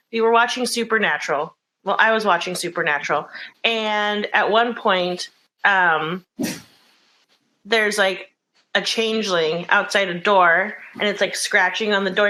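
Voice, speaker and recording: A woman's voice: medium pitch, pushed and bright. Woman, casual chat, playful storyteller, podcast. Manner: playful storyteller, acts out quotes.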